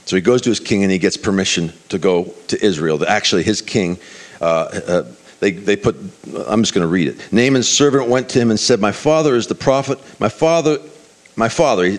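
A man's voice: low-pitched, expressive, brisk. A man preaching a sermon, retelling a scripture story with many restarts and acting out the characters' lines.

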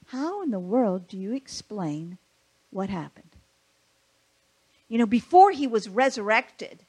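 A woman's voice: medium pitch, darkish tone. A woman preaching a conversational sermon, asking her listeners rhetorical questions.

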